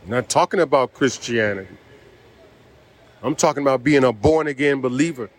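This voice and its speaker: A man's voice: medium pitch, normal speed. A man preaching a sermon, speaking emphatically, repeating key phrases and dropping in a frequent "see".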